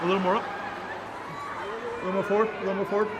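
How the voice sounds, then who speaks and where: A man from giving a keynote speech to educators, leading the crowd in call-and-response chants and telling stories in a hushed voice. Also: sits high, little pitch movement, a little fast, very noisy. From Texas. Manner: storytelling, dropping to a hushed voice. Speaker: motivational speaker. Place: large auditorium. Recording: reverberant hall with audience.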